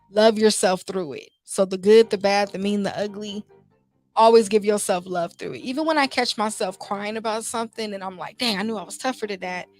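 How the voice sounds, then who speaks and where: A young woman host, talking in a heartfelt, conversational way with many restarts. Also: medium pitch. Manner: heartfelt, conversational, lots of "you know" and restarts. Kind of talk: casual motivational talk show. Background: faint music.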